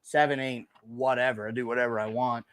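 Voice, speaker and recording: The clip is a casual livestream where a man sits at his desk in a small room and shows off products for sale. He talks in a chatty way, loaded with fillers and calling people bro and dude. His medium-pitched voice is steady, fairly quick, and a bit bright, captured dry on a desk microphone.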